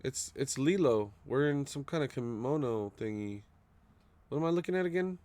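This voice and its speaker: A young man streaming a game live, chatting casually and jokingly, sometimes bursting into loud shouts. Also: mid-range voice, moderate pace. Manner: excitable, jokey, bursts into shouts. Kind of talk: live gaming commentary.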